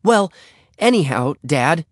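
A man voicing an eager, stubborn young boy in a storybook reading, pitching his voice up and pleading. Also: big pitch swings, slow pace, dry recording, studio quality, exaggerated voice. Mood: coaxing.

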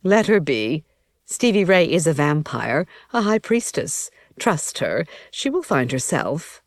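A woman's voice: deep voice, very animated, a little slow, dry recording, clean studio sound, heavily acted. Soothing wise immortal woman, formal and raised a little, read by a woman. Storybook. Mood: serene.

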